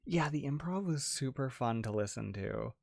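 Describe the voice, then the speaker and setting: A young adult ASMR creator runs a casual livestream, chatting and reading chat messages aloud in an expressive, mid-range voice that is creaky and darkish, at a moderate pace. She giggles often, restarts sentences, and says "like" a lot, in studio-quality audio with no echo.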